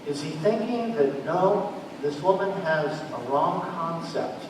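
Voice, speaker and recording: A man's voice: on the high side, lively intonation, slow. A male pastor preaching a sermon who retells a story with dramatic, building urgency. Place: church sanctuary. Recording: echoey church hall, distant mic, faint noise.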